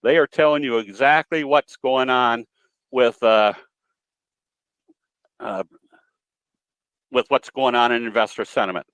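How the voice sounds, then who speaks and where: A man's voice: mid-range voice, steady tone, unhurried, long pauses, fairly bright tone, clear, resonant tone, dry recording, low-quality recording. A man giving a trading webinar presentation in a folksy, storytelling way, with some hesitations. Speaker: guest presenter, trading educator.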